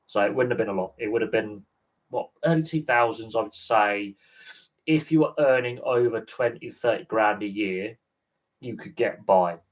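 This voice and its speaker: A man's voice: fairly low pitch, rough recording. A man, chatting casually on a livestream and telling rambling stories with frequent laughs. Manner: rambling storyteller, laughs often. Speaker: sports channel host.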